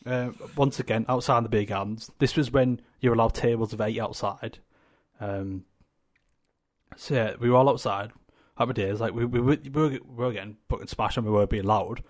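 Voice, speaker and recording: A man's voice: fairly low pitch, moderate pace. A young man, co-hosting a podcast in casual, sweary, rambling chat. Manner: sweary, rambling, laughs often. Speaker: podcast co-host.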